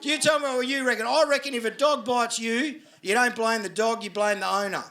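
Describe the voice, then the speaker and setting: A man's voice: extremely high pitch, fairly even intonation, a little fast, sharp tone. A man with an Australian accent doing a stand-up set on a club stage, crude and sarcastic as he chats with the crowd. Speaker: stand-up comedian. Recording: live club recording with audible laughter noise. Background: audience laughter.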